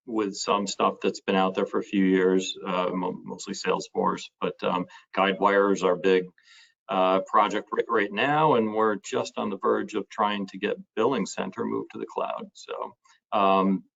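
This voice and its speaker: A man introducing himself on an online panel, thoughtful and halting with many fillers. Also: fairly low pitch, creaky, fairly bright tone, muffled recording.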